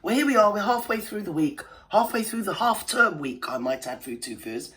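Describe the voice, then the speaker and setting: A woman with a head cold gives chatty, gossipy commentary to her viewers, her voice a little stuffy. Her pitch swings widely up and down as she jokes and makes theatrical asides. She sounds cheeky and easygoing, like a regular reaction-video host. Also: expressive, normal speed, fairly bright tone. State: has a cold. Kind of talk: casual gossipy commentary to camera.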